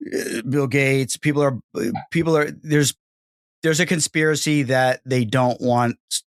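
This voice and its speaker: A man's voice: mid-range voice, fairly even intonation, measured pace, dry recording, clean studio sound. A man from the United States hosting an interview podcast, rambling and repeating himself with lots of "like". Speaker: podcast host. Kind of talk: casual interview chat.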